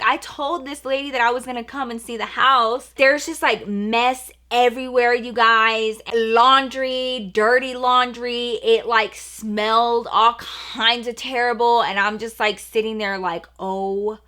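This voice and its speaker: A young woman vlogger with a bright, slightly high voice retells a story in a chatty, animated way, full of fillers. She slips into quoting other people's lines as she goes. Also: unhurried, few pauses. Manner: acts out quoted voices of her mom. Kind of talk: storytime vlog.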